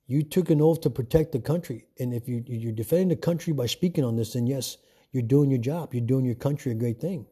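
A man's voice: a little high, warm tone, slightly rough. A man giving an informal, rambling sermon from home, repeating himself and often calling his listeners "folks.". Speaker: self-made preacher. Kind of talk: informal preaching monologue.

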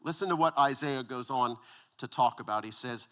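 A male pastor preaching a conversational sermon, repeating words and dropping to a hushed, low voice for emphasis. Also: moderate pace.

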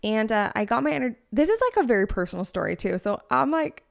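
Chatty higher-voiced woman in her thirties. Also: big pitch swings, fast talker, creaky. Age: 30s. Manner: chatty, heavy use of "like", candid and personal. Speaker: podcast co-host. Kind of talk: casual podcast chat.

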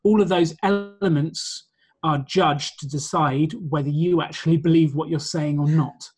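A man's voice: a little high, fairly even intonation, normal speed, darkish tone, slightly rough. A man being interviewed about his work as a presentation coach, explaining his points in a confident, orderly way. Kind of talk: conversational interview.

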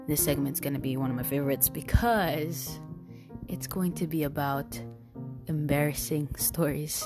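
A young woman chats through her own podcast episode in a loose, rambling way, piling up fillers as she goes. Her voice sits fairly low for a woman. Soft music plays faintly behind her. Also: moderate pace. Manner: rambling, animated, lots of fillers. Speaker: podcast host. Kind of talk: casual solo podcast chat.

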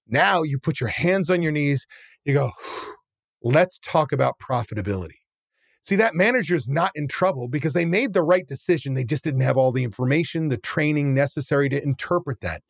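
A man's voice: fairly high pitch, creaky, no echo, clean studio sound. A man who owns a restaurant, chatting casually and animatedly, acting out scenes and swearing bluntly. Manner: animated, acts out scenes with quoted voices. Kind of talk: casual chat, storytelling.

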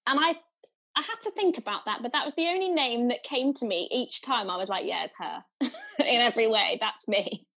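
High, husky-voiced woman chatting. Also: lively intonation. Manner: warm, laughs often, drawn-out phrasing. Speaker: podcast co-host. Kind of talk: casual chat.

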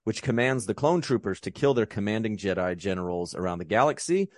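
A man with a fairly low voice recaps a film for a podcast, talking loosely and swearing freely. He jokes along the way and sounds close and dry on the mic. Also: animated, a little fast, a little mellow, no room sound. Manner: profane, joking, breaks into mock voices. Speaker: podcast co-host. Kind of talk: casual movie recap chat.

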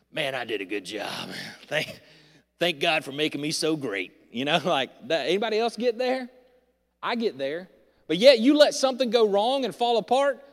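Male pastor, slightly high voice, confessional sermon, church reverb. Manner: candid, self-deprecating, swings from shouting to hushed. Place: large church hall.

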